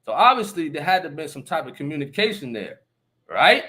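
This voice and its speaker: An emphatic livestream host, his voice a bit higher than most men's, runs a casual stream with big pitch swings at a fairly quick pace. His tone is bright, forceful and slightly rough, and he keeps asking listeners if they understand, laughing briefly between remarks.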